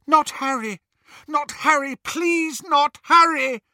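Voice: high voice, takes it slowly, sharp tone, no echo, studio quality, pitched above the performer's own voice, heavily acted. A reader voicing a desperate young mother who pleads frantically for her baby. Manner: frantic, shrieking pleas.

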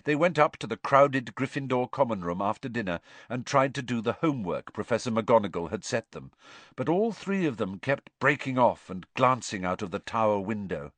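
A man giving expressive, scripted storybook narration at a close mic. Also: mid-range voice, moderate pace, no echo. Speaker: audiobook narrator.

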